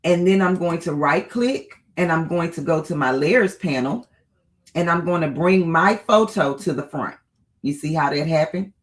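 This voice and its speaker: A tutorial host walking viewers through software steps one at a time, often checking in with "okay?" or "right?". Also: medium pitch. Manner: unhurried, with occasional filler pauses. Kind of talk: screen-share software tutorial.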